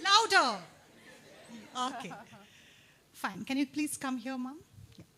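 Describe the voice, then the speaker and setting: A woman emceeing a campus event, upbeat and coaxing, rattling off tongue twisters quickly. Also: high-pitched, very animated, sharp tone. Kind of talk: lively stage hosting.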